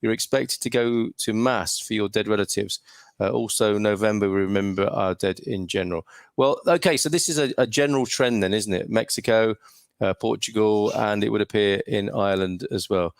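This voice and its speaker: A man's voice: fairly low pitch, normal speed, creaky, dry recording. A man from the UK hosting a casual livestream from his home studio, greeting viewers and chatting with many hesitations. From United Kingdom. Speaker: livestream host. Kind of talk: casual livestream chat reading viewer comments.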